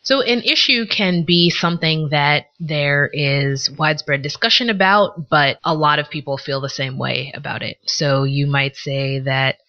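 Low-voiced woman teaching vocabulary. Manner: measured, explains words with examples. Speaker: podcast co-host. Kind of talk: scripted vocabulary lesson. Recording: dull lo-fi recording.

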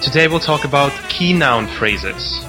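A man co-hosting a podcast, teaching vocabulary in a scripted lesson and reading out example sentences in a measured way. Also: mid-range voice, expressive, music in the background. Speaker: podcast co-host. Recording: dull lo-fi recording.

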